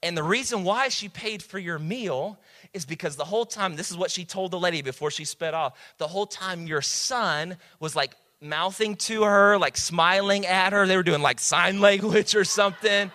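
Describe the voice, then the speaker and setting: A man in his thirties preaching a sermon, telling stories in a lively way with quick restarts and building to emphatic shouts. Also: sits high, in a large hall. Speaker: pastor.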